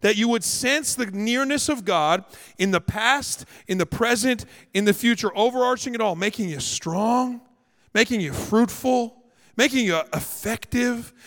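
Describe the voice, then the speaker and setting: A man's voice: high-pitched, animated, unhurried, a bit bright. A male pastor from Canada giving a humorous, storytelling sermon with emphatic delivery. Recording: echoey hall.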